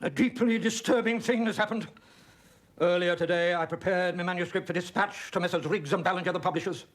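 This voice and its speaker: An actor playing a pompous, suspicious older magistrate who speaks in a stiff, formal way, in a television period comedy. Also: male voice, sits high, fairly even intonation, brisk, close to an everyday voice. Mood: stern.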